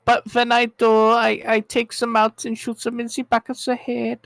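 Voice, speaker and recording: A man's voice: extremely high pitch, completely flat delivery, normal speed, gravelly, fairly bright tone, no room sound, voice pushed up, heavily acted. A man voicing a menacing, boastful German army officer from World War Two in a put-on German accent.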